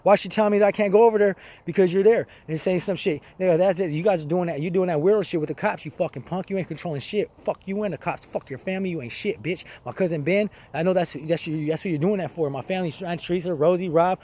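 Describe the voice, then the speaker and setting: Furious fast-talking man ranting. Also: high voice, mellow. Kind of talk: angry rant.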